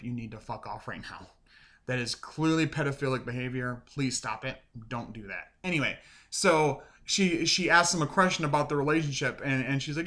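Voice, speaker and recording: A man reviewing and recapping a TV episode in a casual, rambling way, full of fillers and animated retellings. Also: mid-range voice. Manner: chatty, rambling with many "like" and "um" fillers; animated, acts out quoted lines. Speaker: show reviewer.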